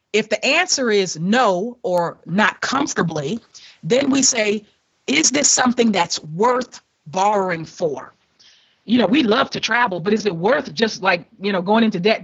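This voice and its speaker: A middle-aged woman, a podcast guest, telling a lively personal money story with frequent laughs and acted-out quotes. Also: medium pitch, slightly rough, no room sound, highs cut off. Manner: animated storyteller, laughs often, acts out quoted voices. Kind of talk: conversational storytelling interview.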